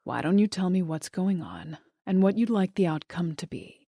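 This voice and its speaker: A woman voicing a courteous male divorce lawyer who speaks slowly, gently and reassuringly. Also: lowish voice, animated, husky, dry recording, clean studio sound.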